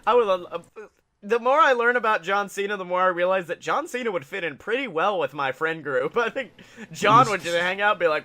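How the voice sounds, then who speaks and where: A man co-hosting a casual wrestling podcast, excitable and laughing often, slipping into quick impressions as he tells stories. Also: high voice. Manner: excitable, laughing, doing quick voices of people he talks about. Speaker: podcast co-host.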